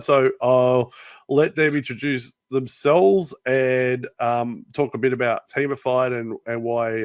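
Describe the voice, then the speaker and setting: A man's voice: mid-range voice, no echo. A man hosts a business podcast in loose, rambling conversation, often restarting his sentences. His voice sits in a middle register. The recording is dry, with no room sound. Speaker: podcast host. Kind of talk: casual interview chat.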